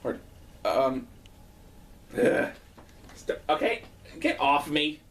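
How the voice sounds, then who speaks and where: A man doing a rambling casual vlog at home, excitable and profane, laughing often. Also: fairly high pitch, slow, distant mic. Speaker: vlogger.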